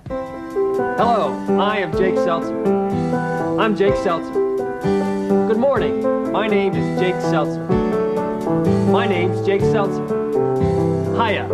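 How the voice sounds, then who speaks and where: A man with a high voice runs through greeting after greeting at a slow, deliberate pace, each one a scripted self-introduction. Music plays in the background of the recording. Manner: repetitive, varied greetings. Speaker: presenter practicing introductions.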